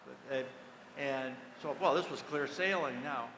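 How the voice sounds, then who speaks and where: A man's voice: medium pitch, normal speed. An older man, once a race team manager, telling a story at a dinner panel and acting out the dialogue of its characters. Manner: animated storyteller who acts out the dialogue. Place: banquet hall during a dinner. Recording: echoey banquet hall over a PA, faint noise.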